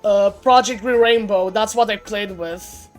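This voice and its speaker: A woman's voice: medium pitch, steady tone, measured pace, a little mellow. A woman streamer chatting casually while playing a game, often stumbling and restarting her sentences. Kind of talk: casual gaming stream chat. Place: home streaming setup. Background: faint game music.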